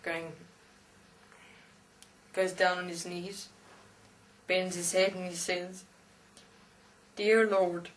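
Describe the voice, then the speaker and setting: A woman's voice: fairly low pitch, a bit bright. A woman casually telling a comic anecdote, laughing along and swearing freely. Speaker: storyteller. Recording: voice distant from the mic.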